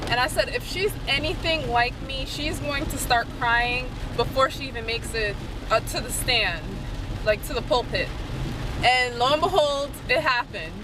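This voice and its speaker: A young woman chats straight to her handheld camera, rambling through a story with plenty of fillers. Her voice sits a little high. Steady car and rain noise runs clearly underneath. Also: normal speed. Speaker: vlogger. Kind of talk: casual vlog chat. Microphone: handheld compact camera.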